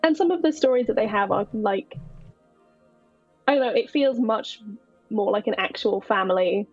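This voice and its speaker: A woman chatting casually on a game dev live stream, telling stories in an animated way with quick laughs. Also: medium pitch, no room sound, lo-fi sound, faint music behind.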